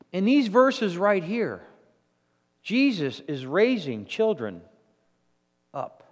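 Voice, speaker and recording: Man, pastor preaching a sermon, lively pitch, a bit high, stumbling restarts, long church reverb. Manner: animated preaching with repeated restarts. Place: church sanctuary.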